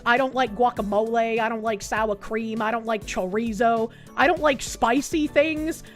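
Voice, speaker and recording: High-pitched woman, American streamer, casual and profane, loose rambling delivery. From United States. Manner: rambling, profane, laughs often. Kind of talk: casual stream chat reading an article.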